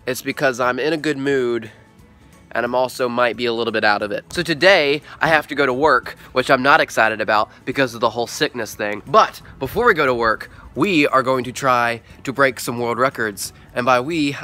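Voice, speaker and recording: A man's voice: medium pitch, sharp tone. A young man vlogging casually and goofily while recovering from being sick, joking at his own expense. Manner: goofy, playful, self-mocking. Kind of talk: casual vlog.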